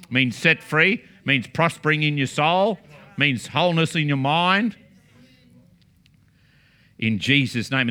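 A male preacher delivering a sermon in an emphatic, declaring manner. His voice sits a little high and sounds bright and sharply forceful. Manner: emphatic, declaring, testimony-style. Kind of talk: sermon storytelling.

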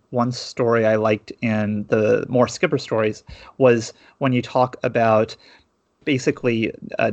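Brief: male podcast host, halting and repetitive questioner, dry lo-fi recording. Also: medium pitch, dry recording. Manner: hesitant, repeats words as he frames questions. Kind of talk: casual interview questions. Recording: dry, dull lo-fi mic.

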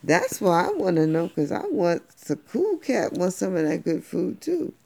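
A parent voicing a smooth-talking male street cat who speaks in slang and wheedles for food. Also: mid-range voice, big pitch swings, moderate pace, mellow.

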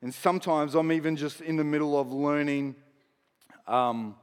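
A male pastor preaching a sermon in a conversational way, with soft asides that build to emphatic declarations. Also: fairly high pitch, steady tone, moderate pace, clear, resonant tone. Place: church hall. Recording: long hall reverb.

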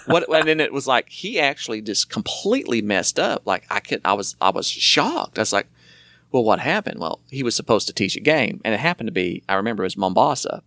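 A man's voice: on the low side, expressive, a little fast, creaky, fairly bright tone, dry recording. A man in casual conversation, rambling and repeating words as he searches for them. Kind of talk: casual chat.

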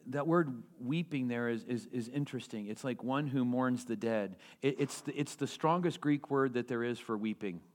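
A male pastor delivering a sermon in an animated way, using rhetorical questions and repeating key phrases for emphasis. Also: medium pitch, normal speed, few pauses.

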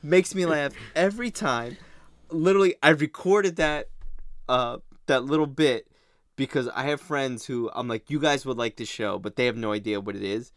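A man talks casually on a podcast, clearly excited as he goes over scenes he loves. His voice sits in a mid range. The recording is dry and close to the mic. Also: medium pitch, moderate pace, dry recording. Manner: enthusiastic, animated retelling of jokes. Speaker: podcast host. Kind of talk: casual chat.

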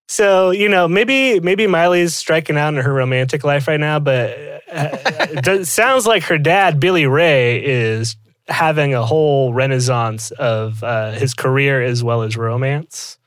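A man with a fairly high voice co-hosts a loose podcast chat. He laughs often and swears casually. His voice sounds dry and close to the mic. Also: expressive, measured pace, fairly bright tone, no echo. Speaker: podcast co-host.

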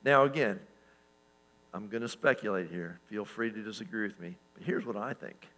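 Man pastor chatting through a sermon, low-ish voice, lots of "uh"s and chuckles. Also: expressive, moderate pace, fairly bright tone, low-quality recording. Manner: conversational, with frequent fillers and restarts, laughing at his own stories.

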